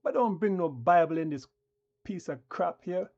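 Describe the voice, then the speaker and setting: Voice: mid-range voice, animated, normal speed, darkish tone, highs cut off. A channel host delivering a combative, preachy live-stream rant that talks down to the viewers.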